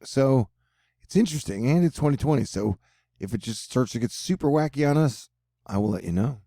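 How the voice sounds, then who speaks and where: Gravelly joking weather guy from Texas. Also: mid-range voice, lively intonation, brisk, mellow, no echo, clean studio sound. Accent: Texan. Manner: joking, rambling, offbeat asides. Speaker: weather video host. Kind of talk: casual storm-tracking commentary over forecast maps.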